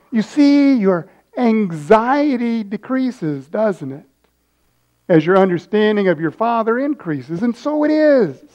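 High-voiced man preaching a sermon. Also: highs cut off. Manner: storytelling, acts out voices with sudden loud high bursts and soft asides. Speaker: pastor.

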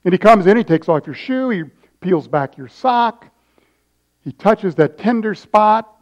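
A man preaching a sermon, telling a story and acting out its voices, swinging from loud high bursts to soft asides. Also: expressive, a little slow, highs cut off. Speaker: pastor.

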